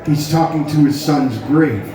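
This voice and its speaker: Slow-talking middle-aged man in an echoey hall. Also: fairly high pitch. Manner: joking, laid-back, chuckling. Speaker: rock singer on stage. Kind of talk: storytelling between songs at a live show. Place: large concert hall. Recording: echoey hall, distant, with crowd noise.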